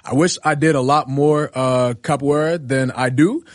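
Animated male wrestler telling stories. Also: medium pitch, normal speed, no echo, clean studio sound. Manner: animated storyteller, often says "you know what I'm saying". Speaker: professional wrestler as a guest. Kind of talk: casual radio interview storytelling. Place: radio studio.

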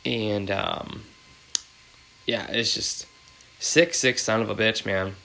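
A man's voice: on the low side, fairly even intonation, takes it slowly, vocal fry, pushed and bright, rough recording. A man in his thirties hosting a podcast, chatting casually and rambling with many fillers. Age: 30s. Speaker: podcast host.

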